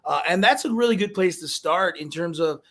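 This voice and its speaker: A man from Chicago hosts a live show in a loose, joking chat. He rambles and fills his talk with fillers. His voice sits a bit high for a man. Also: lively intonation, fairly quick, fairly bright tone. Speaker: host.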